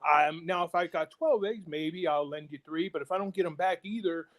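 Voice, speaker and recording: A man's voice: on the high side, a little fast, a bit bright. An American man on a podcast, talking in a blunt, rambling way with casual political chat. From United States. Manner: blunt, rambling, laughs often. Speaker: podcast guest.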